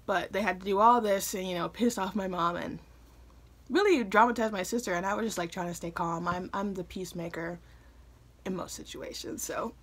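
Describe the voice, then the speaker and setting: A woman in her early twenties from Michigan, telling a personal story to a phone camera in a chatty way, with lots of fillers and quick asides. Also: mid-range voice, a bit bright. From Michigan, USA. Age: early 20s. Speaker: vlogger. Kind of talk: casual storytime.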